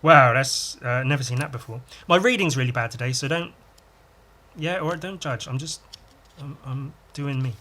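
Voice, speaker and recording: Bright-voiced man chatting about comics. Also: medium pitch, moderate pace. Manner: chatty, enthusiastic, adds sound effects. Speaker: podcast host. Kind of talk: casual commentary on a comic.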